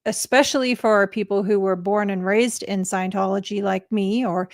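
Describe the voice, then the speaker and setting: Bubbly woman with a clear, dry voice. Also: mid-range voice, steady tone, no echo. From England. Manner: bubbly, laughs often, quick affirmations. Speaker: foundation board president, co-host. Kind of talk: casual livestream chat.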